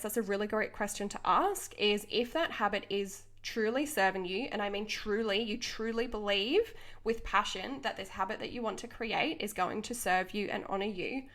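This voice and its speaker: A young woman speaks off the cuff as a podcast host and coach, earnest and full of passion. Her voice sits at an ordinary middle pitch for a woman, and she breaks into quick laughs between thoughts. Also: fairly bright tone. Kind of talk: unscripted motivational podcast monologue.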